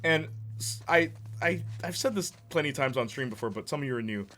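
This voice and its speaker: A man's voice: medium pitch, animated, a little fast, fairly bright tone. A young man riffing and laughing as a gaming streamer in casual live-stream talk. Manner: jokey, riffing, laughing often.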